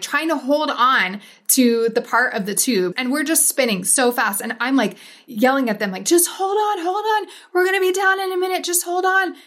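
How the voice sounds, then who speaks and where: A woman in her thirties hosting a podcast, telling a story in a casual, animated way and acting out what people said. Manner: animated storyteller, acts out quotes with big pitch jumps. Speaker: podcast host.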